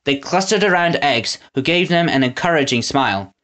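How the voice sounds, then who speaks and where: A woman narrating a children's audiobook with an expressive reading style. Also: low voice, normal speed. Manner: expressive reading, lively intonation. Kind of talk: storybook narration.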